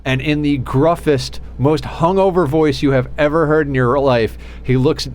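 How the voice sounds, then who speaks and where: A man's voice: on the high side, normal speed, a little mellow, slight background noise. Rambling man telling a story. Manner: rambling, laughing, acts out friends' voices. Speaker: streamer. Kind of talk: casual storytelling while gaming.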